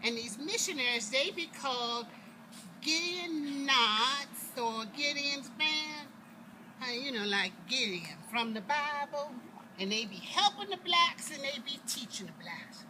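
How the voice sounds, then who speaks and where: A woman putting on an eager young enslaved boy who recalls the war with quick, excited dialect. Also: high-pitched, heavily acted. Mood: storytelling. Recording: noisy outdoor recording with passing traffic.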